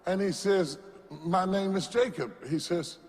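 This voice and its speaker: Preacher, male, high voice, slow dramatic delivery rising to shouts, big church reverb. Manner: builds to shouting and chanting with the congregation. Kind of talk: sermon. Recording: long reverb in a large hall.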